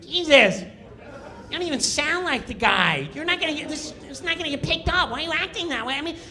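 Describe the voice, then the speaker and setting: A man putting on a whiny, nitpicking male coworker who keeps needling a colleague in a shrill, nagging voice. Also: lively intonation, brisk, pushed and bright, heavily acted.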